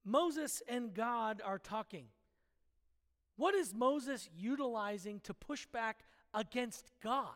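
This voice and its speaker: A man's voice: extremely high pitch, expressive, slow pace, a bit bright, big-room sound. A man preaching a sermon in an emphatic, conversational way, asking his listeners questions directly.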